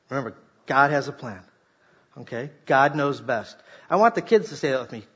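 A man preaching a sermon, animated and jokey, talking directly to a congregation and leading them in call-and-response. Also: medium pitch, normal speed, husky, highs cut off. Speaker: pastor.

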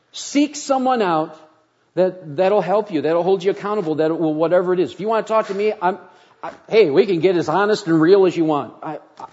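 Older guy pastor preaching, kinda high voice, chatty folksy storytelling, dull lo-fi church tape. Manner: folksy storytelling, animated in anecdotes. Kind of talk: sermon.

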